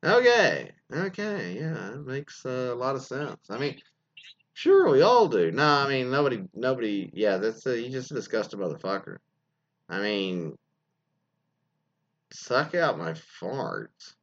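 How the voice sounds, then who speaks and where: A man hosting a loose comedic show, rambling through listener stories with constant fillers, restarts and laughs. His pitch swings widely from phrase to phrase. The recording is dull and lo-fi. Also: very animated, normal speed. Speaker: host reading listener stories. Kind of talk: casual comedic commentary.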